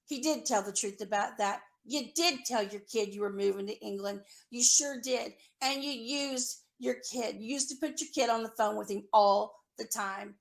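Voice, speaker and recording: A high-voiced woman launches into a furious, confrontational rant at someone, swearing freely while she hurls sarcastic accusations.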